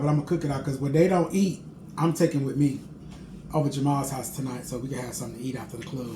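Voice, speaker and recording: A man's voice: a little high, mellow. A man chatting casually while cooking in his home kitchen, playful and sing-song, laughing often, filmed by a camera set at a distance. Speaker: cooking vlogger. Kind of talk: casual cooking vlog chat. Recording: echoey kitchen with background noise.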